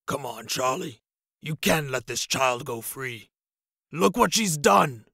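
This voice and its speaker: A man's voice: medium pitch, lively intonation, takes it slowly, gravelly, bright, forceful tone, no room sound, clean studio sound, full character voice. Hot-tempered knight, read by a man; growling and complaining.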